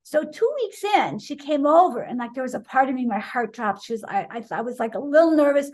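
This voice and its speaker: A woman in her sixties tells a story as an interview guest, and her voice sits high and swings widely as she acts out the people she quotes. Her tone is a little husky. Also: expressive, fast talker, hardly any pauses, darkish tone. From Wisconsin, USA. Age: 60s.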